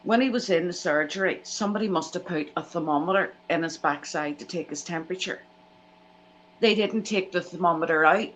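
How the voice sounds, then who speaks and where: A woman's voice: fairly low pitch, brisk, a little hiss or hum, poor audio. A woman, telling family anecdotes in a casual live chat and acting out the people she quotes. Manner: animated anecdote teller, acts out quoted voices.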